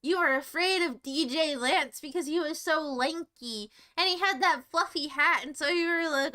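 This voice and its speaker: A young woman talks to her live-stream viewers in a high, bright voice. She rambles playfully from one silly topic to the next and pokes fun at herself as she goes. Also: a little slow. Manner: silly, rambling, self-mocking, jumps between topics. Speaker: livestreamer.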